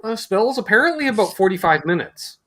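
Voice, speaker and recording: A man's voice: high-pitched, fast. A Canadian man hosting a casual chat over a video call, animatedly telling anecdotes. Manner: animated storyteller, mimics voices in anecdotes. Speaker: host.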